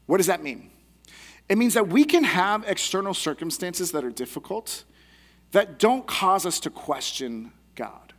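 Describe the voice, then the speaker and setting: A man with a notably high-pitched voice delivers a sermon. He speaks like a pastor teaching his congregation, in a conversational and earnest tone. He sounds like a young adult. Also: big pitch swings, unhurried.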